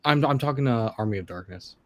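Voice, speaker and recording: A man's voice: medium pitch, expressive, fast talker, fairly bright tone, no room sound. A man co-hosting a stream, talking casually and rambling with laughs. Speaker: stream co-host. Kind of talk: casual chat.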